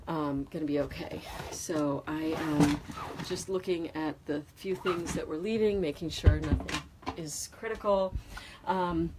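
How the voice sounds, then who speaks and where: A woman's voice: lowish voice, heavy background noise. A woman chatting casually as she films a walkthrough of the boat she lives on, talking emotionally and rambling with many fillers into a handheld phone. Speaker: vlogger showing her home. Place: indoors on a moored boat.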